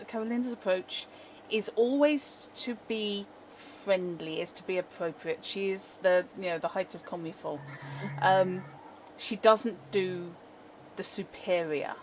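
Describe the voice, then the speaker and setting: A woman's voice: mid-range voice, slow, slight background noise, rough recording. Wry, talkative woman at a tabletop game. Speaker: player. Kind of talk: casual chat at a tabletop game.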